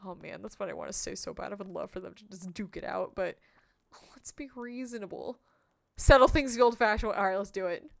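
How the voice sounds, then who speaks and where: A woman's voice: mid-range voice, fairly quick, gravelly, no echo, clean studio sound. A woman streamer chatting bubbly with her viewers while she plays a game live. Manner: bubbly, chatty, reads chat messages aloud. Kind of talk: live-stream gameplay chat.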